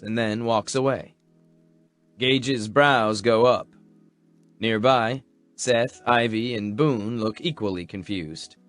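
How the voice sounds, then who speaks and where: A man narrating a first-person romance audiobook in a measured, wry storytelling manner. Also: lowish voice.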